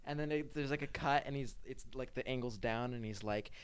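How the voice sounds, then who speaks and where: A man co-hosting a casual podcast, playful and quick to do silly impressions. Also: medium pitch, clear, resonant tone. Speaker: podcast co-host. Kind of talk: casual chat.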